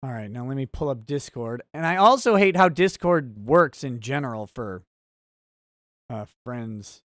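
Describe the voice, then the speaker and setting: A man hosting a relaxed livestream, reading viewer chat aloud and answering in a rambling, easily sidetracked, wry way. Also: mid-range voice, a little slow, no room sound, clean studio sound.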